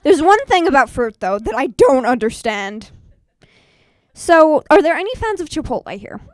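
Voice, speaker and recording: A teenage girl performing a self-mocking stand-up comedy set at an open mic, bursting into loud acted quotes. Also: high voice, sing-song, moderate pace, no room sound, studio quality. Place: small live performance venue.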